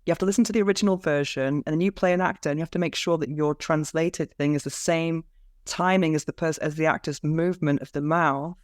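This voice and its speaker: A woman's voice: deep voice, steady tone, quick pace, no echo, studio quality. A woman hosting a podcast in a casual interview chat, talkative and laughing often, with frequent restarts. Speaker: podcast host.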